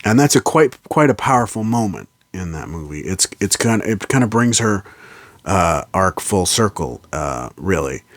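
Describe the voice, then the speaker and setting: A man's voice: low-pitched, big pitch swings, moderate pace, no room sound. A man casually recapping a film's plot as a reviewer, rambling with lots of fillers and restarts. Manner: rambling, fillers and restarts, slips into quoted lines. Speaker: movie reviewer. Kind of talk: casual spoiler recap of a film.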